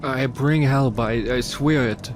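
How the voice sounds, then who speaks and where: A man's voice: medium pitch, slow, faint music behind, pitched above the performer's own voice, lightly acted. A man voicing a restless, desperate young man trapped in a horror story, speaking earnestly.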